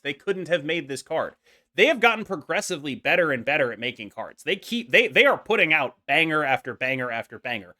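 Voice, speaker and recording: Animated, jokey man podcast host. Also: a little high. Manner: animated, jokey, laughs often. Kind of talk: casual gaming podcast chat.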